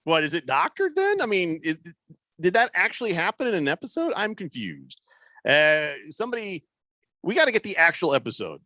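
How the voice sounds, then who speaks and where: A man's voice: high-pitched, wildly swooping pitch, brisk, sharp tone, no room sound. A man hosting a sports radio show in casual chat, rambling loosely with plenty of fillers and restarts. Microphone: studio microphone.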